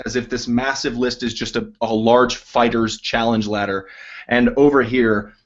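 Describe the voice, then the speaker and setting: Unhurried male game master setting scenes, low-fidelity sound. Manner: measured, descriptive. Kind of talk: narrating a tabletop game. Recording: dull lo-fi.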